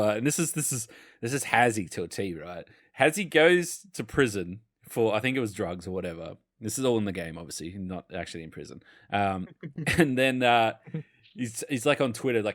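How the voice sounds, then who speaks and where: A man, telling gaming stories on a podcast in a casual, animated way, often swearing and acting out other people's lines. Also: lowish voice, fairly quick, no echo, studio quality. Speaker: podcast co-host. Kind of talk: casual chat.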